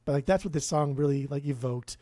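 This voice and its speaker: A man's voice: a little high, a little fast, warm tone, no room sound, clean studio sound. A man co-hosting a casual music podcast, blunt and swearing freely, often restarting his sentences. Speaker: podcast co-host.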